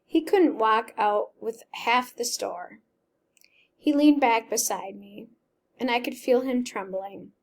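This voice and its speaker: A woman teacher reads a novel aloud, stopping to break words apart patiently, one step at a time. Her voice sits a bit high, with a gravelly fry running through it. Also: takes it slowly.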